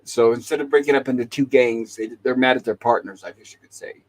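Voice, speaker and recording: A man's voice: medium pitch, steady tone, fast, poor audio. Guy on a podcast retelling a tv episode scene by scene, laid back chat. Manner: retells scenes, quoting lines. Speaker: podcast host. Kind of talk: casual episode recap.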